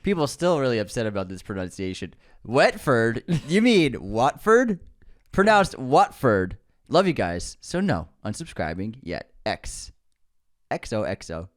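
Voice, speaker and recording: A man's voice: lowish voice, wildly swooping pitch, moderate pace. A man co-hosting a film podcast, teasing his co-host and laughing often in casual banter. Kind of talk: casual chat.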